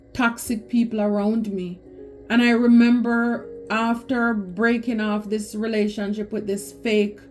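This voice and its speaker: A woman's voice: on the high side, darkish tone. A woman giving a spiritual tarot reading, talking emphatically and repeating phrases for stress. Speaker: tarot reader.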